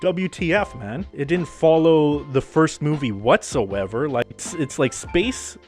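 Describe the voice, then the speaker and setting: A man's voice: fairly high pitch, animated, a little slow, darkish tone, faint music behind. Profane ranting man hosting a podcast. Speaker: podcast host. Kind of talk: casual comedic monologue.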